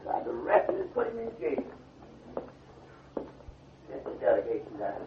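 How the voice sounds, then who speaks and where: An older man preaches to a class in a mid-range voice with wildly swooping pitch, speaking at normal speed over heavy background noise. He repeatedly pauses in call-and-response fashion to ask "you see?", and the recording is a dull old 1970 lecture tape.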